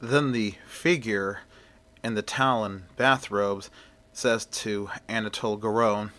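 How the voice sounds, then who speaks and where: A man's voice: on the low side, fairly even intonation, slow pace, sharp tone. Man casually retelling a story. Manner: plain, conversational retelling.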